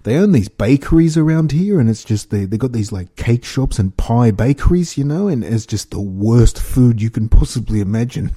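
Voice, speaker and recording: Husky, dark-voiced Australian man ranting. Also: mid-range voice. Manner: rambling and incredulous, with chuckles. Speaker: vlogger. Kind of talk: casual rant monologue.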